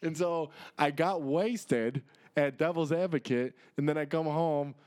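A boisterous man swaps crude stories with a friend on a podcast. His voice sits a bit higher than most men's. He talks loosely and laughs easily. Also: a little slow, darkish tone, clean tone. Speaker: podcast co-host. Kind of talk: casual comedic chat.

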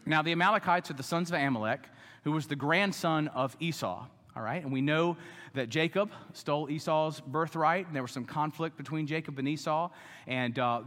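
A man delivers an emphatic sermon, his fairly high voice carrying through a hall with a long reverb. He sometimes acts out the people in the story he tells. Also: a bit bright. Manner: emphatic preaching, voices the grumbling Israelites. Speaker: pastor.

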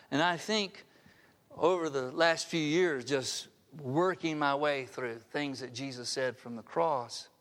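Slow-preaching older man pastor. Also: a little high, fairly bright tone. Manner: earnest, asks the audience direct rhetorical questions. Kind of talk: sermon. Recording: long reverb of a large hall.

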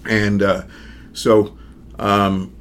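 An older man with a Southern accent, a magician talking in a casual interview, relaxed and chuckling often. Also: on the low side, very slow. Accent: Southern American. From American South.

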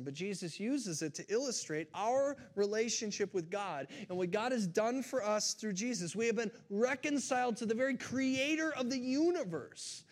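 A man with a high voice preaches to his congregation in a church. He tells the story with lively energy and keeps turning to the listeners with questions. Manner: animated storytelling, talks straight to the congregation. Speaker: pastor. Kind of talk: sermon.

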